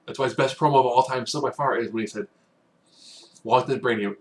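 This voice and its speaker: A man giving a casual, rambling spoken recap, now and then acting out quotes in loud bursts. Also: medium pitch, fairly even intonation, quick pace. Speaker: wrestling recap host.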